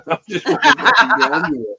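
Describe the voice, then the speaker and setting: A man's voice: high voice, sing-song, moderate pace, crowd noise, rough recording. Joking man swapping stories. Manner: joking, swears, chatty storyteller. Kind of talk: casual chat.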